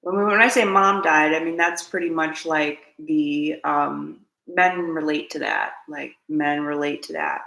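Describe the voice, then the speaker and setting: Female host, earnest and preachy, low gritty voice, roomy echo. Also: fairly even intonation, unhurried, creaky, hardly any pauses, pushed and bright. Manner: earnest, preachy, repeats key lines, asks viewers to comment. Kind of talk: spiritual self-help talk to camera.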